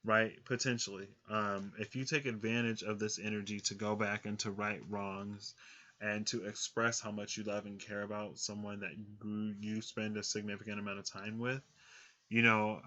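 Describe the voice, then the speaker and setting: A man on a casual tarot reading, rambling and filler-heavy, with a low but bright, forceful voice. The recording is dull and lo-fi, like a cheap home mic. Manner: rambling, lots of "like" and "um", laughs often. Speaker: tarot reader.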